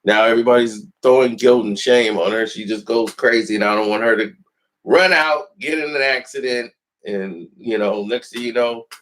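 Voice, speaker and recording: A man telling a personal story in a casual vlog, animated and acting out the people in it. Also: mid-range voice, normal speed.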